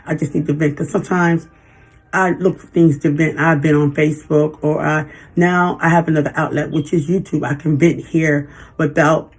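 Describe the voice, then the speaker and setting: A woman in her fifties venting in a personal vlog, halting and emotional, holding back tears. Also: low-pitched, fairly even intonation, soft background music. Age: 50s. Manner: emotional, halting, frequent restarts. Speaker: vlogger.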